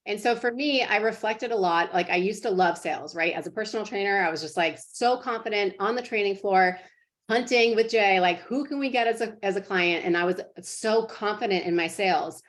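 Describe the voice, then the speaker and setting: A woman's voice: mid-range voice, a little fast, fairly bright tone. A woman in her thirties leading a team call, talking casually and earnestly with lots of fillers as she encourages her sales partners.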